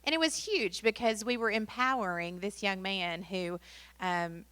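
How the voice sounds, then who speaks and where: A woman's voice: mid-range voice, unhurried, a bit bright, clear, resonant tone, no room sound. A woman presenting a training workshop in a chatty way, with many fillers. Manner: chatty, many fillers, acts out quotes in story.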